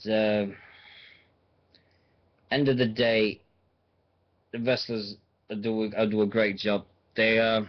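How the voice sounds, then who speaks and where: A man's voice: fairly low pitch, highs cut off. A man in his forties, hosting a radio show and chatting in a rambling way, full of fillers and restarts. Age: 40s. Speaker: radio host. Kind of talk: casual rambling radio chat.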